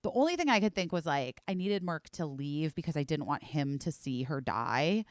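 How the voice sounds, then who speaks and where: A woman's voice: low voice, normal speed, no room sound, clean studio sound. A woman in her forties hosting a podcast, telling a rambling story full of "like" and the odd swear word. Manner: rambling, animated, heavy on "like" and swearing. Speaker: podcast host. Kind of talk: casual storytelling chat.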